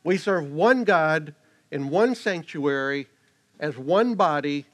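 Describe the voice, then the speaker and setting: Male pastor, higher voice, earnest sermon delivery, stresses key lines. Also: animated, slow pace. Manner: earnest, with restarts and rising emphasis on key phrases.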